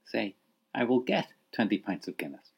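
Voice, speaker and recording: A man's voice: lowish voice, very animated, moderate pace, vocal fry, darkish tone, slightly rough. A man leading a spoken language lesson, patiently prompting the listener to repeat phrases and praising each answer. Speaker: language teacher.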